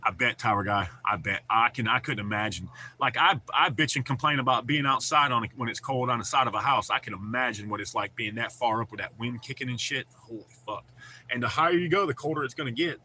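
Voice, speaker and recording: A man's voice: mid-range voice, fast, bright, forceful tone, a little hiss or hum. A man hosting a livestream, chatting casually with viewers, laughing often and swearing freely. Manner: profane, laid-back, laughs often. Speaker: livestream host.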